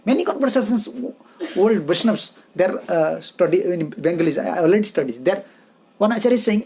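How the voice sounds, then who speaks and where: Spiritual teacher, male, high pitch, forceful repetitive delivery in simple English. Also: animated, a little fast. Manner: emphatic, repeats short phrases, simple English grammar. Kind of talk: devotional lecture.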